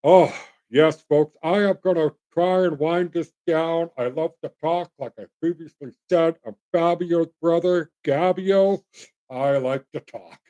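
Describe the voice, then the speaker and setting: A man's voice: a little high, steady tone, unhurried, mellow. A middle-aged man from Canada hosting his own show, rambling bluntly and folksily as he talks straight to his viewers. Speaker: host. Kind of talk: opinionated solo commentary.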